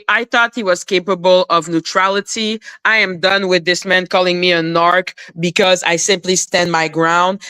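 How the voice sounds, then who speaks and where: A woman's voice: lowish voice, bright, forceful tone, clear, resonant tone, dry recording. A woman from Canada, giving an upset, indignant livestream monologue. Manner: indignant, profane, exasperated.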